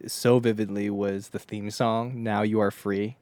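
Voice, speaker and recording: Excitable low-voiced man, dry sound. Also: unhurried, no echo. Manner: chatty and excitable, laughs often, says "dude". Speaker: podcast co-host. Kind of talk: casual film review chat.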